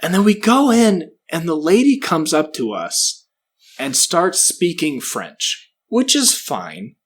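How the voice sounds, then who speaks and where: A man's voice: a little high, big pitch swings, slow pace. A man co-hosting a casual comedy podcast, ranting profanely and doing mocking impressions. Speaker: podcast co-host.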